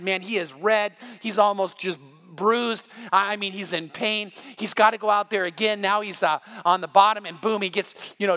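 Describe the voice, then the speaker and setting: A middle-aged man preaching an evening sermon, telling a story that builds to shouts. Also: high-pitched. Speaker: pastor.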